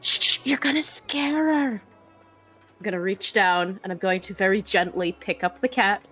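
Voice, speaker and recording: A woman's voice: medium pitch, measured pace, faint music behind. A woman playing a tabletop game, laughing often as she talks. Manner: giggly, lively. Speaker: player.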